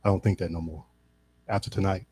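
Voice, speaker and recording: A man at a Bible study sharing a short, slow, earnest testimony. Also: low-pitched, fairly even intonation, a little mellow, husky. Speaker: church member.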